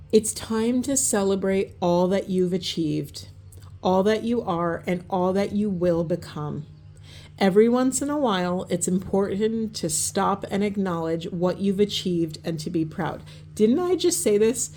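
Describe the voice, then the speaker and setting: Brief: woman, spiritual card reader, outdoors by the ocean, affirming, rambling delivery, middle pitch. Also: darkish tone, a little hiss or hum. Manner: earnest, affirming, rambling with restarts.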